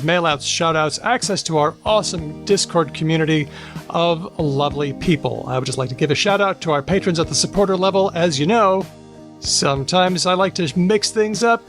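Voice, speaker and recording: A man's voice: high-pitched, faint music behind. Playful man hosting a podcast. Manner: playful, reads out lists briskly. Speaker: podcast host. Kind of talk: casual podcast chat.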